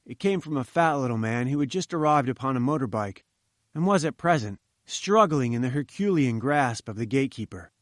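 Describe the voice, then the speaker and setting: A man reading scripted narration of a classic adventure story in a measured, clear storytelling manner. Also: medium pitch, lively intonation, dry recording, studio quality. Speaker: audiobook narrator.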